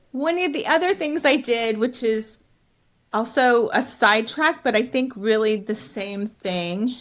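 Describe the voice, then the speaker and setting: A middle-aged woman, a comedian, telling stories as a guest in an interview, lively and quick to laugh. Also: on the high side. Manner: lively, laughs often, acts out quotes. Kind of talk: storytelling in an interview.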